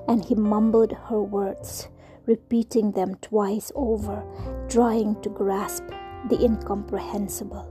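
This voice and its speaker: A woman whispering a story aloud in a soft, slow, hushed reading. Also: mid-range voice, level tone, music in the background.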